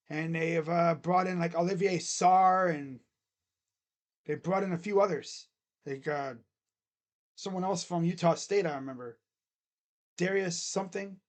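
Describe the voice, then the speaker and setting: A man with a fairly high voice calls a game live for his stream, loud and excited on the plays. Between them he drops into a quiet, casual mumble, chatting loosely with his viewers. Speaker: streamer doing live play-by-play. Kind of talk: casual live play-by-play commentary.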